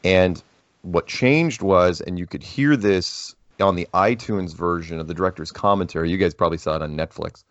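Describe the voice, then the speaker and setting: A deep-voiced man, speaking as an interview guest at a moderate pace, tells stories in casual conversation. His storytelling is animated and rambling with restarts, and the recording is dull, lo-fi, and dry with no room sound.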